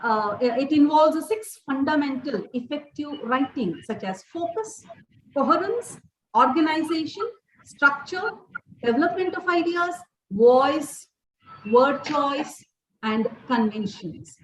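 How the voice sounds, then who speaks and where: Woman, workshop lecturer; high voice, set back from the mic in a reverberant room. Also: animated, takes it slowly, distant mic. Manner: repeats and restarts phrases, list-like delivery. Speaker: workshop resource person. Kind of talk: lecture to teachers.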